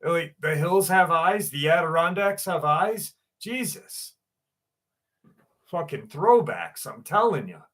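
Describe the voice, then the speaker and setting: A man's voice: on the high side, expressive, unhurried, hardly any pauses, fairly bright tone. A man chatting casually on a livestream panel, rambling through a story with fillers and swearing. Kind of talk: casual chat.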